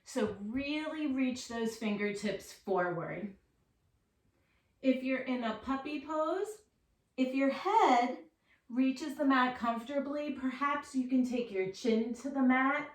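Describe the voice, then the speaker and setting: Woman yoga teacher talking slow and calm, kinda far from the mic, roomy echo. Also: sits high. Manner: calm, slow cueing of breath and poses. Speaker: yoga instructor. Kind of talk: guided yoga class instruction. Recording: echoey room, voice set back from the mic.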